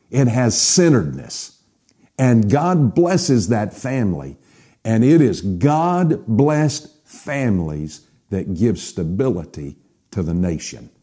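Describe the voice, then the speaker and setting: A man preaching a sermon, building to emphatic peaks and dropping to hushed lines. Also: mid-range voice, breathy edge. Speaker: pastor.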